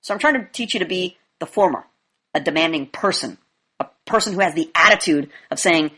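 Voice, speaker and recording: A woman speaking coach lecturing her class in an emphatic way, blunt and sometimes profane. She swings between loud demonstrations and quiet asides. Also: on the low side, animated, brisk, breathy edge.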